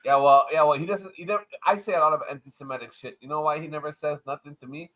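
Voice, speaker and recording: A man from Montreal ranting crudely and loudly in a casual livestream chat. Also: on the high side, steady tone, fast, slight background noise. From Montreal, Canada. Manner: loud, profane, swaggering rant. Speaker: livestream panel guest. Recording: muffled lo-fi online audio.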